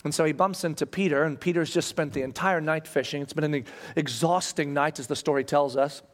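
A man preaching a sermon, telling a story in a lively, conversational way. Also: a little high, a little fast. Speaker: pastor.

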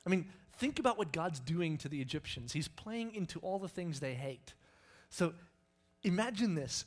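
Man preacher, fairly high voice, playful, acts out his stories. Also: moderate pace, soft background music. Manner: animated, acts out scenes with sudden yelps. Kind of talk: sermon with lively storytelling.

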